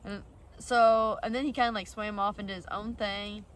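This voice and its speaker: A woman's voice: mid-range voice, steady tone, normal speed, far from the mic, slight background noise, low-quality recording. A young woman vlogger telling a personal story in a rambling, blunt way, full of fillers and the odd swear. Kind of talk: casual storytelling.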